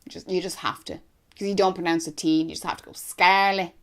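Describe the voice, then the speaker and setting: A woman's voice: on the low side, steady tone, rapid-fire. A young woman from north County Dublin with an Irish accent, chatting casually to camera, rambling with lots of "like"s. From Ireland, north County Dublin. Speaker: vlogger.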